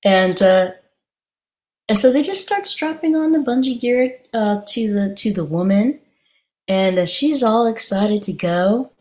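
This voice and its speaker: A woman giving an informal meditation talk, telling a story in a halting, conversational way with frequent restarts. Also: mid-range voice, lively intonation. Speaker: meditation teacher.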